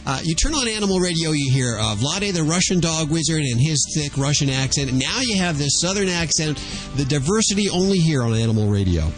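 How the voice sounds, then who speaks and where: A man's voice: on the high side, animated, fairly quick. Radio host man over music. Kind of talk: radio show hosting. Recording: radio show with music behind.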